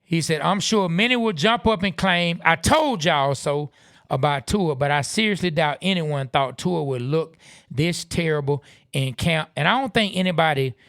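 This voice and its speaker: A man co-hosting a casual live-stream podcast, reading out viewer comments with relaxed asides. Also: fairly high pitch, moderate pace, no echo, studio quality. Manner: laid-back, reads viewer comments aloud with asides. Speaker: podcast co-host.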